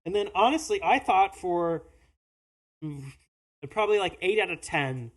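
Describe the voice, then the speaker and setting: A podcast co-host in an easygoing movie-review chat. The pitch swings widely from line to line. The delivery is opinionated and full of quick asides. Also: animated.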